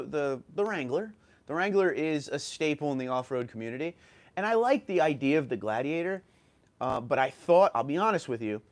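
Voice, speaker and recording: A man with a New York accent hosting a casual livestream, reading viewer comments and chatting loosely with fillers and restarts. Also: medium pitch. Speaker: livestream host.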